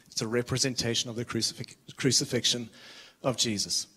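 A man's voice: mid-range voice, little pitch movement, fairly quick, pushed and bright, husky. Earnest, urgent male preacher. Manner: earnest and urgent, with self-deprecating asides and frequent restarts. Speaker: visiting preacher. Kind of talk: sermon.

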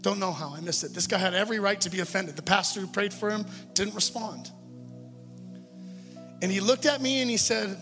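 High-voiced man preaching in a hall. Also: moderate pace. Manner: earnest, conversational preaching with stumbles. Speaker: pastor. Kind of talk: sermon. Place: church hall. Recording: long hall reverb with music.

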